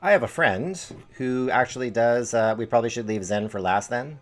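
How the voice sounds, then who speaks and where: A man's voice: mid-range voice, normal speed, faint music behind. A man live-streaming a story game, chatting and thinking aloud with fillers as he decides what to do. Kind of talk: casual live-stream commentary.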